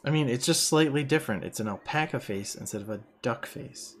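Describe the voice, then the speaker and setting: A young man draws on a stream and chats casually, joking and picking apart his own artwork. He speaks at a medium pitch and a little quickly.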